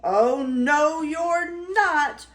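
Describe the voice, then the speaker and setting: Grandma doing a loud growling storybook troll, slow, roomy echo. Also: female voice, mid-range voice, very animated. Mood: roaring, greedy. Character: big ugly hungry male troll, roaring. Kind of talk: read-aloud storytelling.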